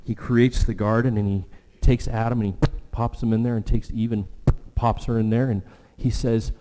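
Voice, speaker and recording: A pastor delivering a sermon in a warm, mellow man's voice. He moves between earnest, animated passages and quiet, prayerful lows. The sound carries a long reverb, as in a church sanctuary. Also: moderate pace, few pauses. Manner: earnest preaching with rising animated stretches and hushed prayerful lows.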